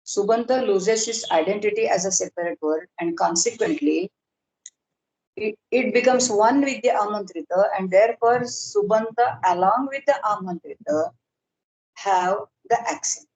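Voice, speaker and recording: A woman lecturing on grammar in a workshop, explaining slowly and deliberately with pauses and fillers. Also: mid-range voice, a little mellow. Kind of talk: academic lecture in an online workshop. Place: video call. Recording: roomy echo.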